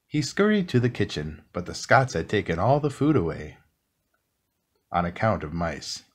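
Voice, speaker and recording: Low-voiced man reading a bedtime story. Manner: slow, soothing, expressive reading. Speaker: storybook reader. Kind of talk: calm bedtime read-aloud.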